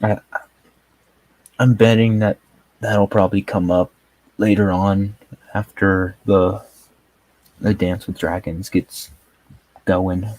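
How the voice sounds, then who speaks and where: A man's voice: low-pitched, flat delivery, takes it slowly, pauses often, darkish tone, dry recording, low-quality recording. A man chatting casually as he reviews a TV episode, rambling with lots of fillers and frequent chuckles. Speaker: TV show reviewer. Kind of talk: casual video review chat.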